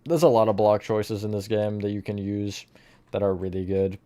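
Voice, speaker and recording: A man's voice: fairly low pitch, steady tone, normal speed, mellow, clean tone. A man streaming live, chatting casually with his viewers while he builds, often laughing at his own slips. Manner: chatty, self-mocking, answers chat mid-task.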